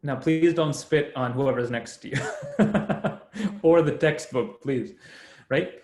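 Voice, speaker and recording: A young man leads an online lesson at an unhurried pace, breaking each point into patient steps and laughing easily as he goes. His voice sits a bit high for a man. The sound carries a clear room echo, as if picked up over a video call. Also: a little mellow, slight background noise. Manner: patient, explains step by step, laughs often. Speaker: Sanskrit teacher. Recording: echoey room.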